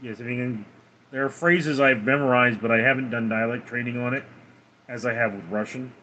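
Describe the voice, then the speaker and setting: With a mid-range voice, a sharp tone and fairly even intonation, a man streams live from home and speaks at a moderate pace. His cats are with him as he reads out viewer comments and answers them offhandedly. A little hiss or hum is audible.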